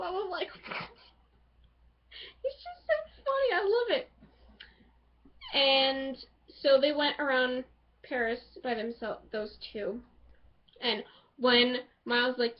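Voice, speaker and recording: A woman casually reviewing a TV episode, excitable and rambling as she gushes over the characters. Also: fairly high pitch. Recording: dull lo-fi home recording.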